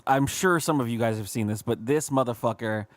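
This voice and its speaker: A man's voice: mid-range voice, brisk, no room sound. A man co-hosting a casual comedy podcast, rambling, swearing and acting out little bits. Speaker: podcast co-host.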